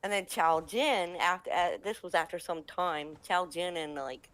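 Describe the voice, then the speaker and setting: A woman's voice: on the low side, a little slow, a bit bright. A woman from the United States telling a funny gaming anecdote in casual chat, laughing often. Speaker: storyteller.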